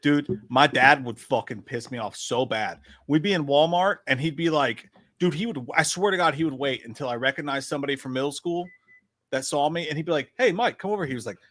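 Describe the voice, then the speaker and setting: A man's voice: mid-range voice, fairly quick, fairly bright tone, dry recording. A man joking and teasing his co-host as a podcast host in casual chat.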